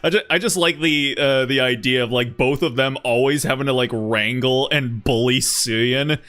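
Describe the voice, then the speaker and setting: A man's voice: mid-range voice, fairly bright tone. A man streaming a story game, teasing and laughing at the scenes. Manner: amused, laughing, slow and teasing. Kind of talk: casual game commentary.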